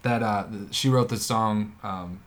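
A man hosting a comedy podcast, rambling in a deadpan way through deliberately wrong facts. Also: on the low side. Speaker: podcast host. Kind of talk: casual comedy chat.

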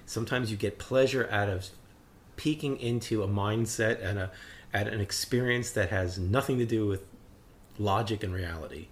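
A man co-hosting a casual chat, an animated storyteller who acts out quotes and laughs often. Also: fairly low pitch, moderate pace. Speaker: podcast co-host.

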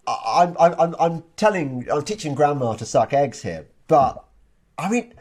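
A man's voice: fairly high pitch, animated, moderate pace, a little mellow, husky. A man hosting a podcast interview in a casual, chatty way, often repeating words as he restarts his sentences. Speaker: podcast host.

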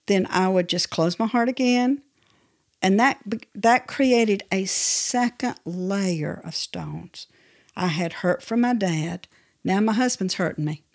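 A woman hosting a faith-based teaching podcast, speaking emphatically and repeating her key phrases. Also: medium pitch. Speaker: podcast host and Christian speaker.

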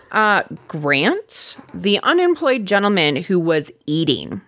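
A woman co-hosting a podcast, chatting casually and giggling as she recaps a dating show. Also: takes it slowly. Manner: chatty, giggly, animated swoops in pitch. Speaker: podcast co-host.

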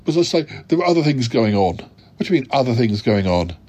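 A man's voice: medium pitch, big pitch swings, a little fast, dark tone. A man voicing a stammering, attention-seeking yeti uncle who repeats his words. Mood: evasive.

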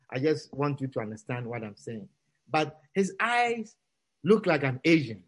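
A male preacher with a high voice tells a story to his congregation. His pitch swings widely as he acts out the characters. He moves from hushed tones to near-shouts.

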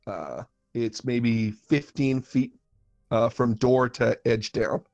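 A man running a tabletop game as game master, narrating in a halting way with many pauses. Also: mid-range voice, a little mellow, highs cut off, faint music behind.

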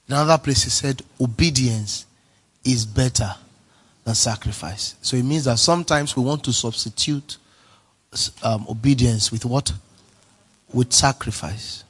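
Husky-voiced preaching man. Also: mid-range voice. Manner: emphatic, repeats lines, swings from soft to near-shouting. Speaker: pastor. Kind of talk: sermon.

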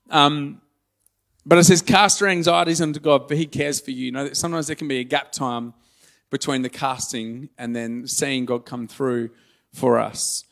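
Emotional man preaching with a gravelly voice. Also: fairly high pitch, moderate pace, fairly bright tone. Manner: earnest, emotional and conversational, with self-deprecating humor. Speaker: pastor. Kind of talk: sermon. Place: church hall.

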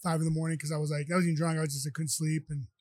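A man's voice: fairly high pitch, little pitch movement, rapid-fire, darkish tone, no echo. A man, a podcast guest telling rambling stories with many restarts. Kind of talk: casual storytelling.

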